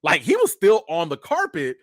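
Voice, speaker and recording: A man hosting a live stream, telling casual stories in an animated, self-mocking way with lots of slang. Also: a little high, moderate pace, no echo, clean studio sound. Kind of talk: casual storytelling.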